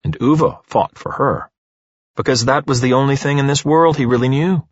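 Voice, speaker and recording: A man narrating an audiobook in an expressive, animated storytelling manner. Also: mid-range voice, moderate pace, dry recording, highs cut off.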